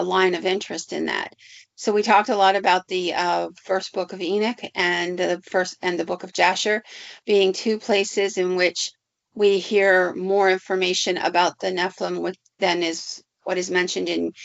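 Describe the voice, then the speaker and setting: Casting: woman podcast host, mid-pitched with a gravelly edge, measured and explanatory. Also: dry recording, dull audio. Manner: explanatory, measured, frequent ums. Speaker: paranormal podcast host and storyteller. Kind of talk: casual podcast narration.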